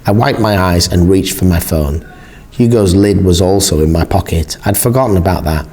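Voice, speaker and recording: A man reading a first-person novel aloud as an audiobook narrator, measured and expressive. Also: low voice.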